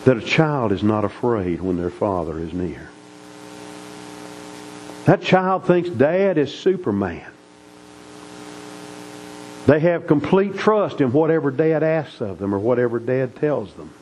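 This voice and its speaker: A man's voice: mid-range voice, expressive, unhurried, pauses often, a little mellow, a little hiss or hum, low-quality recording. A middle-aged man preaching, telling family stories in a folksy, earnest way. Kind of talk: sermon storytelling.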